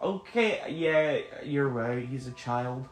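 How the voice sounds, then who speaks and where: A man in his twenties doing a casual movie commentary, joking and swearing and breaking into loud laughing shouts. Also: medium pitch, animated, takes it slowly, echoey room, faint music behind. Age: 20s. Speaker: podcast host.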